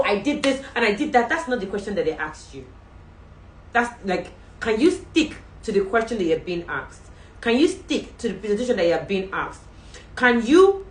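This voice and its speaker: Lively woman giving a faith talk. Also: medium pitch. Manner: animated storytelling with acted voices and asides. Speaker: podcast host. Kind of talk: faith-based motivational talk. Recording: roomy sound from a distant mic.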